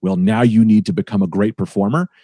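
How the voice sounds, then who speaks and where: A man's voice: fairly low pitch, quick pace, warm tone, no echo, clean studio sound. A man, a stand-up comedian, talking casually on a podcast and playing with sing-song inflections.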